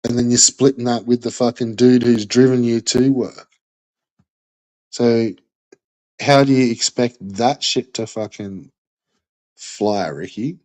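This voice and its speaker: A man's voice: mid-range voice, fairly even intonation, unhurried, long pauses, darkish tone, low-quality recording. Blunt, swearing man ranting. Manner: blunt, heavily profane, loose slangy delivery. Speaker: commentator on a streamer. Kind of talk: ranting monologue.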